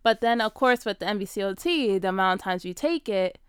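Smooth-voiced young woman telling a story. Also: mid-range voice, fairly quick, dry recording, studio quality. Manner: animated, acts out quoted dialogue, frequent "like". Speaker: vlogger. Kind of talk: casual personal storytelling.

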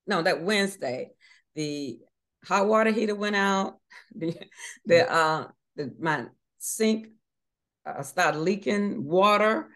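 A woman's voice: deep voice, fairly bright tone. A middle-aged woman recounts a personal faith testimony in an interview. She speaks earnestly, hesitating with fillers and restarts, and lifts her voice to act out the people in her story.

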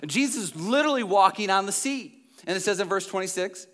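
A man's voice: sits high, animated, brisk, fairly bright tone. A male pastor giving a sermon in a conversational way, full of restarts and asides, in church.

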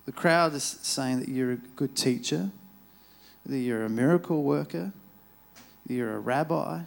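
A man's voice: medium pitch, measured pace, vocal fry, voice pushed down. A preacher doing a reverent fisherman. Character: earnest male fisherman disciple in awe.

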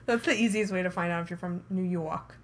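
A woman's voice: fairly low pitch, brisk, a little hiss or hum. A young woman co-hosting a podcast, chatty and teasing, laughing often. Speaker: podcast co-host. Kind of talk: casual chat.

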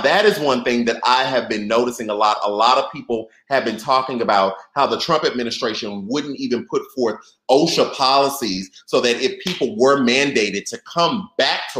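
A man hosting a live political podcast, reading and reacting to viewers in a lively, direct way. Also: medium pitch, moderate pace, few pauses, roomy sound, poor audio. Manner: animated, talks straight to viewers. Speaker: podcast host. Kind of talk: live-stream political commentary.

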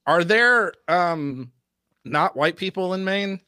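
A man's voice: high voice, expressive, slow pace, sharp tone, clear, resonant tone, no echo, clean studio sound. A man in casual podcast chat, joking and hesitant, full of fillers. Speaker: podcast co-host.

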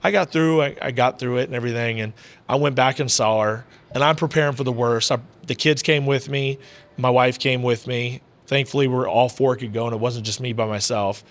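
Speaking a little fast in a steady, mid-range voice, a man who calls combat sports shares a heartfelt story as a podcast guest. He rambles casually, leaning heavily on "you know" and "bro," from inside the VR arcade he owns.

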